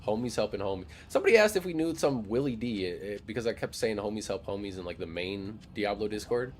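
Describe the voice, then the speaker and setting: A man's voice: on the low side, lively intonation, quick pace, slight background noise. A young man chatting casually with his live stream audience, loose and joking, with frequent swearing. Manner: loose, profane, joking banter with chat. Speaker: game streamer.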